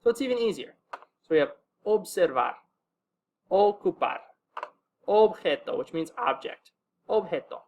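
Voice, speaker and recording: A young male language teacher with a somewhat high voice gives a casual video lesson. He's relaxed and full of fillers, slowing down to sound out each example word.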